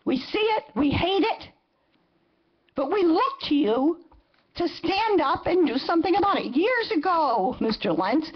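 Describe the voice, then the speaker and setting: Older woman in her 70s, high voice, fiery public commenter, podium mic, dull lo-fi broadcast sound. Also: very animated, a little slow. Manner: indignant, emphatic, repeats phrases for force. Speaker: resident giving public comment. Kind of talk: impassioned public comment at a council meeting.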